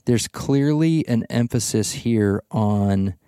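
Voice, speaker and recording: A man hosting a podcast Bible study, telling the story with lively acted-out quotes. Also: on the low side, slow pace, clean tone, no room sound, studio quality. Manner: animated storytelling, acts out voices in quotes. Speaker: podcast host. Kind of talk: casual Bible study discussion.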